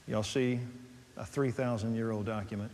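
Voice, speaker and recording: A man preaching a sermon, animated, swinging between soft and loud as he tells stories. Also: on the low side, moderate pace. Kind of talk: sermon on dating and marriage. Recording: long hall reverb.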